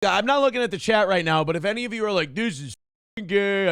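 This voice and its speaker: Guy on a live stream reading donations, kinda high voice, sarcastic and ranty. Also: lively intonation, fast talker, creaky, fairly bright tone, no room sound, studio quality. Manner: sarcastic, ranting and defensive. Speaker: streamer reading paid chat messages. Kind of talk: casual live-stream commentary.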